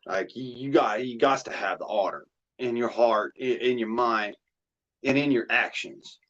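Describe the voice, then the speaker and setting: A man's voice: mid-range voice, normal speed, fairly bright tone. Rambling cursing man, lo-fi mic. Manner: rambling, heavy cursing, repeats himself. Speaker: streamer hosting a chat panel. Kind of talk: emotional casual chat. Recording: dull lo-fi mic.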